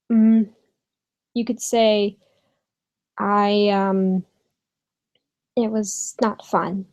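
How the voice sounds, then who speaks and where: A young woman talks slowly through a personal story in her bedroom, stopping often with ums and restarts. Her pitch sits in a middle range, and her tone stays casual with the odd swear. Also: a little mellow, rough recording. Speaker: vlogger.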